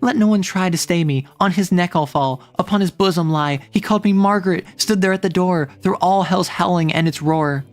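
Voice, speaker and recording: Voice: medium pitch, brisk, hardly any pauses, close to an everyday voice. A streamer voicing a doomed young woman who pleads anguished verse from a prison cell, in a dramatic reading of a classic play. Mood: frantic.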